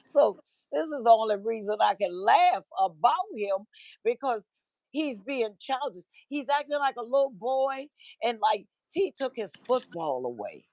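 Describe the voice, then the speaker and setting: A woman's voice: fairly high pitch, lively intonation, a little slow, darkish tone, no echo, rough recording. Woman guest on a live, gossipy and laughy, dry sound. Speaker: livestream guest. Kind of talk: casual chat.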